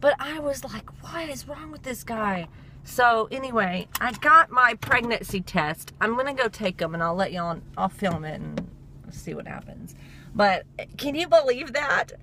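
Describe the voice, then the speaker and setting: A woman's voice: a little high, expressive, normal speed, pushed and bright, a little hiss or hum. A young woman with a stuffy nose, rambling through a story in a casual vlog and laughing along the way. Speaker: vlogger.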